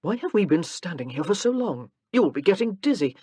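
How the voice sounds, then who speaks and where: A woman's voice: fairly low pitch, very animated, brisk, warm tone, breathy edge, no echo. A woman voicing a protective young nobleman with a rueful, dryly humorous manner in an audiobook. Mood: wry. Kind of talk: audiobook character reading.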